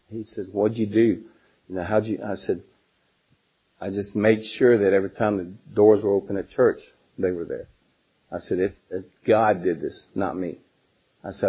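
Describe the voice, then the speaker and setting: Husky, rambling middle-aged man. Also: sits low, a little mellow, low-quality recording. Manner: rambling, many fillers and restarts. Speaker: Bible class teacher. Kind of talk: informal Bible lesson with personal stories.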